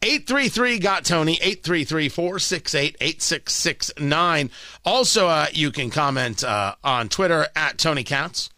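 A man hosting a political talk radio show, delivering an animated, sarcastic monologue into a studio microphone. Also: a little high, measured pace, dry recording. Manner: animated, excitable, sarcastic asides.

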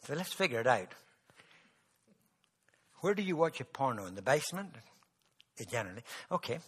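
A man preaching a sermon, moving from quiet storytelling to loud, emphatic exhortation. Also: mid-range voice, sing-song, moderate pace, slightly rough.

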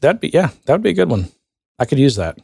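A man co-hosting a casual podcast, thinking out loud with lots of fillers and restarts. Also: medium pitch, big pitch swings, fast, gravelly, slightly rough, no room sound, studio quality. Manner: thinks aloud, rambling with many fillers. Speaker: podcast co-host. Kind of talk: casual tech podcast chat.

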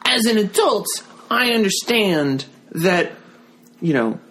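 A man's voice: high-pitched, sing-song, slow, fairly bright tone, slight background noise. A man guesting on a podcast, telling a story in casual chat with lots of restarts and self-deprecating asides.

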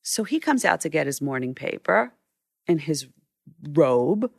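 A woman photographer telling stories in an interview, animated and acting out what people said, with frequent restarts. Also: sits low, measured pace, gravelly, breathy edge, no echo, clean studio sound. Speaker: news photographer. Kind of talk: storytelling in a sit-down interview.

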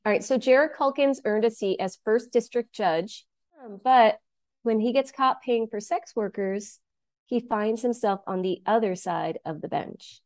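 A woman's voice: fairly high pitch, a little slow, darkish tone, no room sound, studio quality. A woman co-hosting a podcast, chatting and then telling a researched story. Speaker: podcast co-host.

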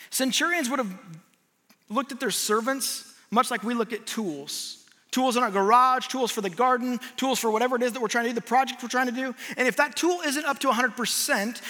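A man preaching a lively sermon to a live audience, getting the crowd to repeat lines back to him. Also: very high voice. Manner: energetic, audience call-and-response. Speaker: guest preacher. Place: large hall with audience. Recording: long hall reverb.

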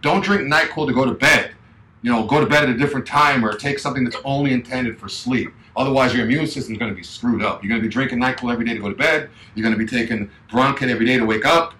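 A man's voice: medium pitch, fast talker, bright, forceful tone, slight background noise. A man co-hosting a casual talk show, speaking in an emphatic, rambling way. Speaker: co-host. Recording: roomy echo.

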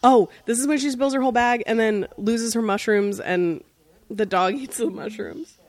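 A woman's voice: fairly high pitch, normal speed, darkish tone. A young woman co-hosting a casual watch-along chat, joking and laughing often with wry asides. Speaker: co-host.

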